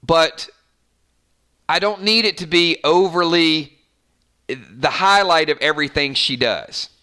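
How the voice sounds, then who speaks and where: The channel host, a man from Georgia with a light Southern accent, has a slightly high voice and takes his time. His fan chat is casual and meandering, delivered with animation and frequent repetition.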